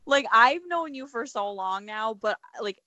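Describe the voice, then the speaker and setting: A woman's voice: a little high, lively intonation, unhurried, bright, forceful tone, no room sound. A woman in her thirties hosting a podcast, chatting casually and filling her talk with "like". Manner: chatty, full of "like" fillers. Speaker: podcast host. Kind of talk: casual chat.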